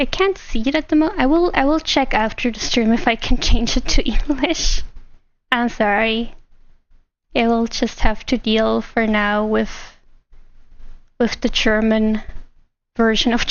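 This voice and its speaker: A woman streamer chatting casually with her live chat, giggly and excitable. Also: on the high side, lo-fi sound.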